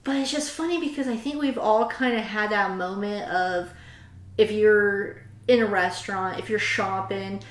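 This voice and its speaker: A woman's voice: medium pitch, moderate pace. A woman hosting a casual chat, animatedly retelling a story and reading quotes aloud from a book. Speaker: host. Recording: roomy echo.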